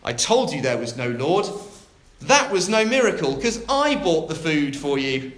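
A man's voice: a little high, sing-song, a little slow, a bit bright, echoey room. A male preacher voicing a grumpy, scornful atheist neighbour in a joke told from the pulpit. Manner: mocking, gloating.

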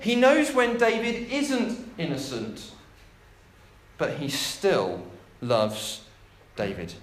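A man's voice: high-pitched, echoey room. A man preaching a chatty, jokey sermon.

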